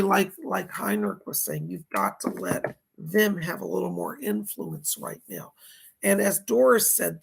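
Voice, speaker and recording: A man's voice: sits high, vocal fry, slightly rough. A man hosting live psychic readings, losing his voice, giving reassuring and repetitive advice. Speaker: psychic medium, host.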